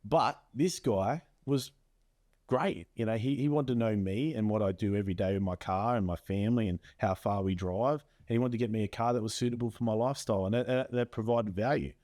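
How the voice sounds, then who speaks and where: A man's voice: fairly low pitch, fairly quick, dark tone, no room sound, studio quality. A man, a business coach as a guest, explaining earnestly with everyday examples. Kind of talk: casual chat.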